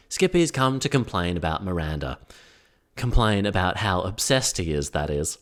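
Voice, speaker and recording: A man's voice: low voice, big pitch swings, moderate pace. A man giving a comedic, sarcastic recap of a TV episode, full of wry asides. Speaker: recap vlogger.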